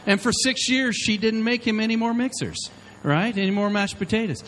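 This man's voice sits high and moves at a normal speed, captured on a low-quality recording. Preaching live into a handheld mic, he animatedly tells sermon stories and acts out the words of the people in them.

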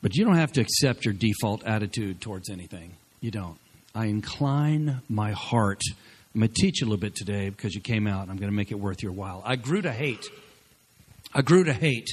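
A male pastor preaching a sermon, exhorting the congregation with energy and swinging between loud bursts and quiet asides. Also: fairly low pitch, a little fast, slightly rough.

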